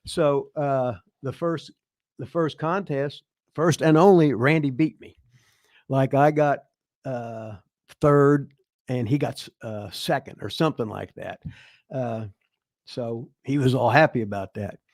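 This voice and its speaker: A man's voice: mid-range voice, a little slow, darkish tone, no echo, studio quality. An older man, the show's host, telling rambling, profane stories in a casual chat and laughing as he goes. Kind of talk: casual storytelling.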